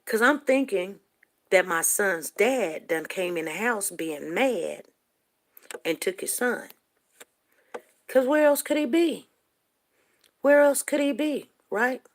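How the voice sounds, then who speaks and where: An older woman, telling a personal story in a rambling, emotional way that rises to near shouting at tense moments. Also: mid-range voice.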